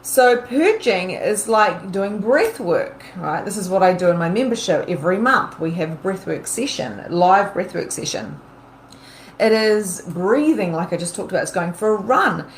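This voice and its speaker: Woman podcast host and coach, animated, roomy sound, faint hiss. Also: medium pitch, normal speed. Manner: animated, acts out worried inner voices. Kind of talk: casual coaching monologue. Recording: roomy with faint background noise.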